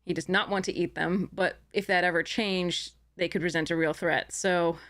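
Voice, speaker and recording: A woman's voice: on the low side, steady tone, moderate pace, fairly bright tone. A woman streamer chatting casually to her live audience, rambling with many fillers and restarts. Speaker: game streamer.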